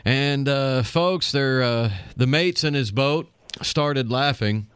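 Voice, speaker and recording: A man's voice: mid-range voice, takes it slowly, a bit bright, smooth, no echo. Rambling chuckling male radio host. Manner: rambling storyteller with many fillers and chuckles. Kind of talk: casual radio banter.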